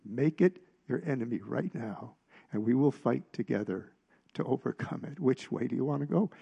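A middle-aged man preaching a personal testimony, telling stories with halting restarts and getting louder at the punchlines. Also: medium pitch, animated, vocal fry, husky, muffled recording. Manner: storytelling, halting restarts, rises in volume at punchlines.

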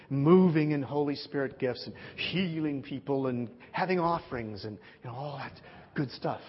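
A man preaching and telling stories, acting out the dialogue with lively shifts. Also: on the high side, breathy edge. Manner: animated storyteller, acts out dialogue. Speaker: pastor. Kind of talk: sermon storytelling. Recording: muffled sound with long hall reverb.

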